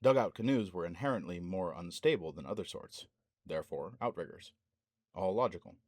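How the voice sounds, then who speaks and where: A man reading a fantasy novel aloud as an audiobook narrator, keeping a steady pace and barely changing his voice for the characters. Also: deep voice, fairly quick, no room sound, clean studio sound.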